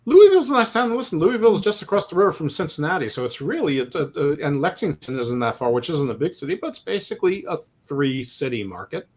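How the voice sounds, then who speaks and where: A man's voice: a little high, big pitch swings, quick pace, few pauses. A man co-hosting a casual sports podcast, rambling with stammered restarts and self-deprecating jokes. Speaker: podcast co-host.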